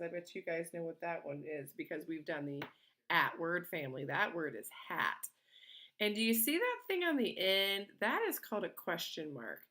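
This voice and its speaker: Bright-voiced patient woman teacher. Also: on the low side. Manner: patient, encouraging, slow and clear. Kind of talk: remote early-grade lesson. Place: home.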